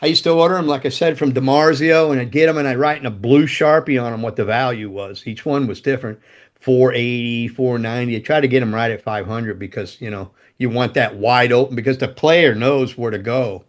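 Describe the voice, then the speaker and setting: Rambling, profane older roadie telling stories. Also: male voice, mid-range voice, fairly quick. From United States. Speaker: podcast guest, former guitar tech. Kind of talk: casual storytelling.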